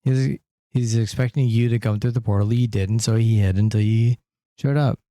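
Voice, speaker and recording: A man's voice: on the low side, steady tone, moderate pace, warm tone, no echo, studio quality. A man co-hosting a casual podcast about tabletop roleplaying games, talking in an easygoing, rambling, joking way.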